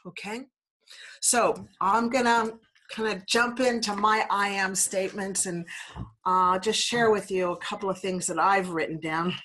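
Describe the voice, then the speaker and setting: This podcast host, a woman in her fifties from New Zealand, has a mid-range, fairly bright voice with a slight congestion. Her talk is motivational, upbeat and encouraging, with affirmations repeated throughout.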